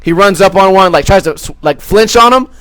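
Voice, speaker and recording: A young man with a high voice tells a rambling, foul-mouthed story as a podcast host. He keeps slipping into quick put-on voices for the people in it. The sound is dry and close, with no room echo. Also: fairly bright tone, clean tone. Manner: crude, rambling, swears a lot, acts out quoted voices. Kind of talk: casual storytelling.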